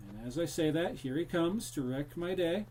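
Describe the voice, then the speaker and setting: A man's voice: a little high, expressive, normal speed, darkish tone, slight background noise. A young man streaming a horror game live, chatting to his viewers and drifting into a joking pirate-style accent. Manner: chatty, talks to the viewers while playing, drifts into a jokey pirate-ish accent. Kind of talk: casual live-stream commentary.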